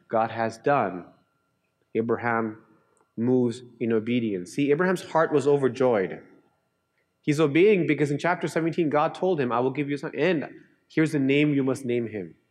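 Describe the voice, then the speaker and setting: A middle-aged pastor from Canada preaching a sermon in an earnest way, rising into lively storytelling and dropping into quiet, low emphasis. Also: male voice.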